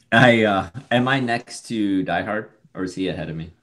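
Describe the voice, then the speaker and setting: A man's voice: fairly low pitch, measured pace, fairly bright tone. A young man playing a tabletop game in an easygoing, playful way. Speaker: player.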